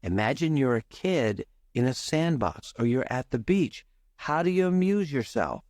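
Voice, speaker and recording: A man, a charisma coach and podcast guest, talking with playful energy and varying his speed and pitch for emphasis. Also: very animated, moderate pace, darkish tone, no echo, studio quality. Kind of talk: animated podcast coaching talk.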